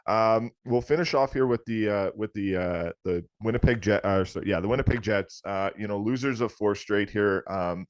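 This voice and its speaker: A man with a Canadian accent hosting a hockey podcast, asking halting questions full of fillers. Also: fairly low pitch, dry recording. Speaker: podcast host. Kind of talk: podcast interview.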